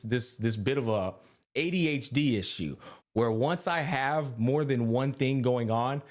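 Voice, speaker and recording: Young guy hosting a gaming podcast, lively and loud, swears a lot, mid pitch. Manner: energetic, animated, swears casually. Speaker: podcast co-host. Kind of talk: casual chat.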